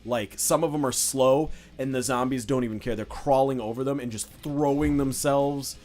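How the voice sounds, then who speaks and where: A man's voice: medium pitch, fairly even intonation, normal speed, a little mellow. A young man narrating as game master in a loose, casual way, with lots of fillers. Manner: loose, filler-heavy describing with many "like"s.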